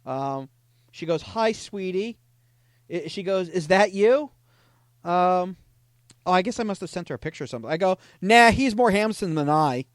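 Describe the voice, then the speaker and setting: A man hosting a podcast, casually retelling chat conversations with a deadpan, joking manner. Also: sits high, moderate pace, no echo, clean studio sound. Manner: deadpan retelling, frequent "I go, she goes". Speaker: podcast host reading scam chats.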